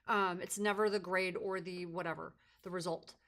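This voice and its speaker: A middle-aged woman hosting a podcast, chatting casually with her daughter and telling a lively family story. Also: fairly low pitch, moderate pace. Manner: animated storytelling, mimics voices in anecdotes. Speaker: podcast host and mother. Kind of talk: casual conversation.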